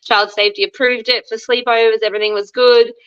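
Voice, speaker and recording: A woman in her thirties with an Australian accent shares her life story in a chatty, candid interview. Her voice sounds bright and forward, and she acts out the lines she quotes. The recording is a little dull and lo-fi. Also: on the high side, flat delivery, fast talker, clear, resonant tone. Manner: chatty, acts out quoted dialogue, laughs often.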